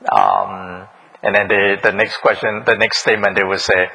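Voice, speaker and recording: A man's voice: sits low, big pitch swings, moderate pace, gravelly, pushed and bright, slightly rough, rough recording. A man preaching a sermon in a church, questioning the congregation, repeating their answers and chuckling often. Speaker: pastor. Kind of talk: interactive sermon.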